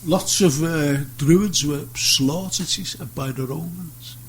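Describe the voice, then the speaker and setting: A man's voice: on the high side, takes it slowly, slight background noise, low-quality recording. A man hosting a radio chat show, jokey and chatty, telling his own stories. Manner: jokey, chatty, breaks in eagerly.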